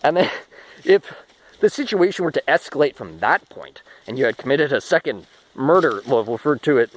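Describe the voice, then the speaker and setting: A man's voice: medium pitch, very animated, moderate pace, a little hiss or hum, rough recording. A man talking through a rambling spoken monologue, restarting often and swearing casually. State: short of breath.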